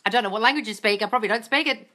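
A woman's voice: a little high, very fast, bright, forceful tone. A woman with a non-native English accent, coaching manifestation in a casual live-stream Q&A, blunt and sweary, calling viewers darling, speaking from a large open room, slightly congested from the cold. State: runny nose from the cold. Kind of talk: casual live-stream Q&A, reading comments aloud. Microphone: phone livestream.

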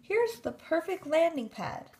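A woman's voice: very high-pitched, very animated, a little slow, dark tone, pitched above the performer's own voice, full character voice. A woman voicing a cheerful, adventurous female teacher in a storybook reading, with upbeat, exclamatory delivery.

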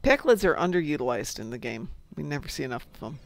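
A man hosting a casual gameplay live stream, chatting in a playful, excitable and jokey way. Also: a little high, fast talker, creaky. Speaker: stream host.

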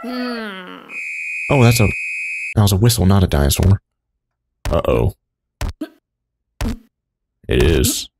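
A man giving excitable gameplay commentary, reacting loudly and laughing often. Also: fairly low pitch, slow pace, gravelly, long pauses, noisy background. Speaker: let's play gamer. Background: game music.

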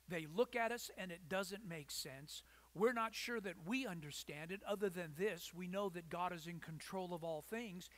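Pastor guy preaching, highish voice, bright and punchy, asks lots of questions at the crowd. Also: lively intonation. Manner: emphatic, rhetorical questions, dramatic pauses. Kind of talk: sermon. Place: church.

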